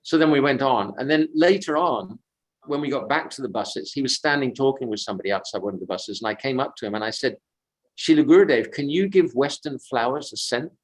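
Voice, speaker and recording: A man speaks in a mid-range voice, telling devotional stories at a sacred lake on a pilgrimage walk. His delivery is unhurried and reflective. He drifts easily between personal anecdote and quiet commentary. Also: medium pitch, rough recording. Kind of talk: devotional storytelling talk.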